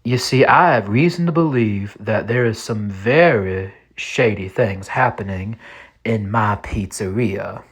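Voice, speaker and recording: Storytelling figure: a man playing an anxious Texan restaurant owner, husky and unhurried, begging for help. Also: on the low side. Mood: pleading. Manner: earnest, pleading letter reading with hesitations. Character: worried male pizzeria owner pleading for help.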